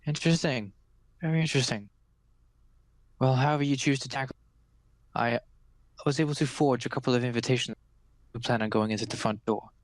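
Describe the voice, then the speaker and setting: A man voicing a scheming, coolly menacing noble widow of a powerful necromancer, with a measured delivery. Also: mid-range voice, no echo, natural voice.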